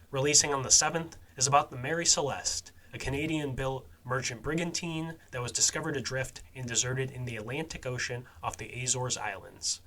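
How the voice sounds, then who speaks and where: Bright-voiced, profane casual podcast host man. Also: mid-range voice. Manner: casual and profane, with fillers, trailing off quietly at phrase ends.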